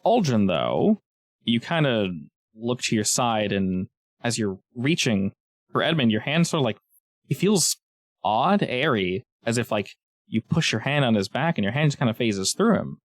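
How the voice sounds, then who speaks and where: A man's voice: mid-range voice, sing-song, normal speed, dry recording, clean studio sound. A man narrating a tabletop game as game master, in a chatty way with frequent restarts.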